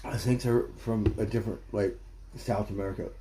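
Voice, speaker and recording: Profane, ranting man with a mellow voice. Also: fairly low pitch, steady tone, fairly quick. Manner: profane, blunt, heated. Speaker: livestream host. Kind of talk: casual ranting commentary. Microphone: streaming mic.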